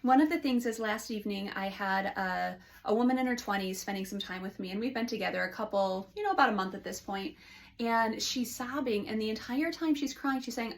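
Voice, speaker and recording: A woman's voice: on the high side, brisk. A woman who is a licensed counselor, talking casually and frankly to camera from her counseling office.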